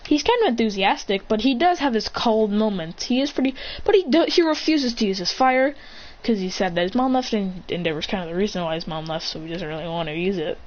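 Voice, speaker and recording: A woman's voice: medium pitch, fairly quick. A woman casually telling a made-up fan story, rambling and correcting herself as she goes. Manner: rambling, restarts and self-corrections. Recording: dull home recording with faint ambient noise.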